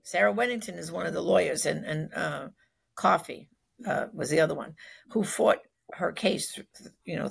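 A woman telling a story in a lively, conversational way, with frequent fillers, who acts out the quoted speech. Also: on the low side, creaky, breathy edge. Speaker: speaker recounting a personal acquaintance's story.

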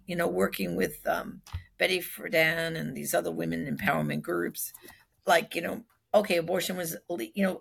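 A woman recounting a story in a casual, animated way, full of fillers and acted-out quotes. Her voice is deeply gravelly with strong fry, and husky rather than clean. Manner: animated, acts out quoted speech, frequent fillers. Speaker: speaker recounting a personal acquaintance's story. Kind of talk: conversational storytelling.

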